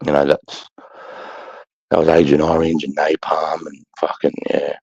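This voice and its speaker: A man's voice: very deep voice, little pitch movement, a little slow, creaky, darkish tone, husky, no echo, dull audio. An Australian man chatting casually on a stream, blunt and swearing, calling everyone mate. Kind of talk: casual live-stream chat.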